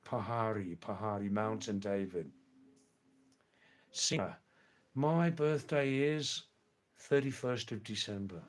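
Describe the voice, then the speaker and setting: Slow, unhurried older Australian man. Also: fairly low pitch. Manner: unhurried, answers each message personally, repeats words. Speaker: live-stream host. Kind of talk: live-stream chat, answering viewer messages.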